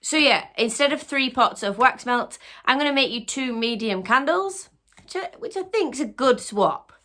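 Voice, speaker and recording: A woman's voice: sits high, animated, moderate pace, sharp tone. A woman hosting her own channel, chatting upbeat to camera with frequent restarts as a small business owner. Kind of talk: casual chat to camera.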